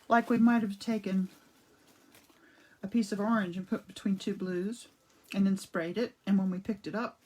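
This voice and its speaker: A woman's voice: medium pitch, darkish tone, low-quality recording. A woman hosting a casual live-streamed craft demonstration, chatting and greeting viewers as she goes, with a cough drop in her mouth. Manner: chatty, greets viewers by name mid-demo; rambling, with frequent restarts and asides. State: talking around a cough drop. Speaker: art demo host. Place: home art studio.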